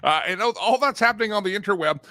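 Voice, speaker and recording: A middle-aged American man runs his own political commentary show, rambling and mocking with chuckling asides. His voice is bright and a little high. The sound is dry and close, with no room echo. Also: fast talker. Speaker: host.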